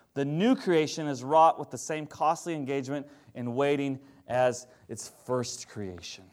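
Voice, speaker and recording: Pastor, man, slightly high pitch; casual sermon delivery that swells into forceful emphasis. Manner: conversational preaching, rising to emphatic.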